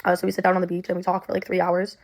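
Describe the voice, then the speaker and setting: A woman's voice: fairly low pitch, completely flat delivery, very fast. A young woman telling a personal story in a rambling way, full of "like" and "um". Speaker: storyteller in a clip.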